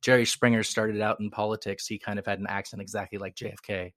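Male co-host, meandering casual talker, lowish voice. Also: flat delivery, quick pace, a bit bright, no echo, studio quality. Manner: rambling, with frequent restarts and chuckles. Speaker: podcast co-host. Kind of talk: casual chat.

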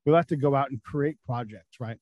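A man's voice: medium pitch, brisk, no echo, dull audio. A middle-aged man telling war stories candidly in a casual interview, swearing freely and acting out the people he quotes. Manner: candid, profane, acts out quotes in voices. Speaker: guest, former military intelligence officer.

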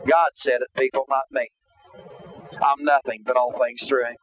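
A man's voice: medium pitch, flat delivery, normal speed, a little hiss or hum, poor audio. A man preaching a testimony sermon, fervent and repetitive, building his emphasis as he goes.

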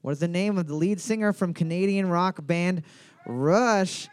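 A man's voice: sits high, normal speed, smooth, no echo. A man hosting a live trivia night, reading out questions twice and joking with profanity. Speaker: trivia quiz host.

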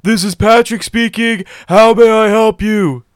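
A man's voice: sits high, steady tone, a little slow, clear, resonant tone, no echo, studio quality, pitched above the performer's own voice. A man putting on a silly, breathless cartoon starfish voice for a prank phone greeting. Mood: goofy. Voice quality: breathless and strained.

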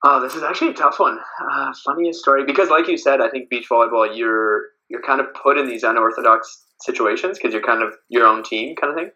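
A man's voice: mid-range voice, a little fast, hardly any pauses, pushed and bright, muffled recording. A man, a podcast guest, chatting casually with lots of fillers and frequent laughs. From Canada. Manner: rambling, laughs often, many fillers. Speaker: podcast guest, beach volleyball player. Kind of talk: casual interview chat.

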